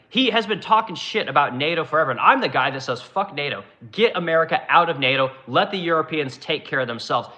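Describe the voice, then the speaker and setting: A man's voice: fairly high pitch, pushed and bright. A man delivering a heated, profane political rant to his viewers, rambling and asking "right?" as he reads comments. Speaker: live-stream host reading comments.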